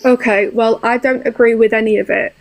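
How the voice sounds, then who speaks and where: A woman's voice: fairly high pitch, steady tone, brisk, rough recording. Earnest British woman in her thirties. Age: 30s. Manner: earnest, explains at length. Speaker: live-stream guest. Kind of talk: casual live-stream chat.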